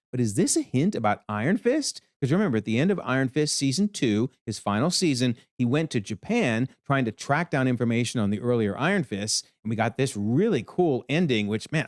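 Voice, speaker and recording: A man giving an animated TV episode breakdown, exclaiming often as he comments. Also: medium pitch, no echo, clean studio sound. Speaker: video commentator.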